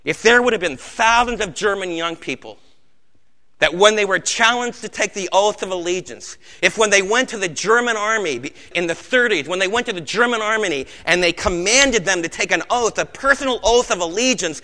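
An American man preaches with fervor, his high, bright voice rising to loud outbursts and dropping to hushed tones. The sound carries a long reverb from a large hall. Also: animated, a little fast. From United States. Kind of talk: sermon.

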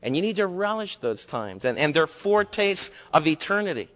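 Male preacher, high bright voice, earnest, loud-to-hushed swings, long hall reverb. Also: very animated, normal speed. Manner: earnest, swings from loud emphatic highs to hushed low passages. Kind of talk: sermon.

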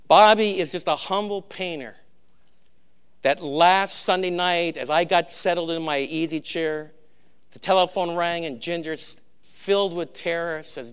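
A middle-aged male pastor preaching a sermon, telling a personal story and swinging between hushed moments and loud, emphatic passages. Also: on the high side, moderate pace, clean tone.

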